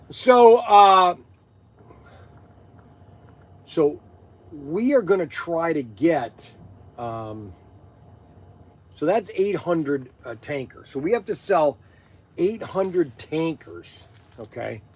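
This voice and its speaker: A man's voice: fairly high pitch, slightly rough. A man hosting a casual livestream, chatting in a rambling way with lots of fillers and restarts. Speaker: livestream host selling collectible toys.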